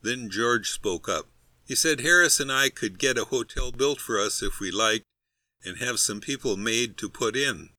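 A man's voice: medium pitch, animated, normal speed, sharp tone, no room sound. A man reading a humorous story aloud in a dry, wry storytelling manner. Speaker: narrator. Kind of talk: scripted narration.

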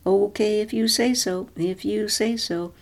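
A woman voicing a female passenger who mutters knitting instructions in a low, bored voice. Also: fairly even intonation, measured pace, close to an everyday voice.

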